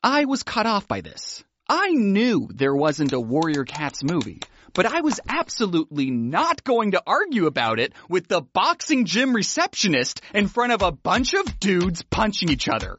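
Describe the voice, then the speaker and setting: A man giving a wry, sarcastic, animated comedic book recap as a YouTuber. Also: sits high, moderate pace, muffled recording, slight background noise.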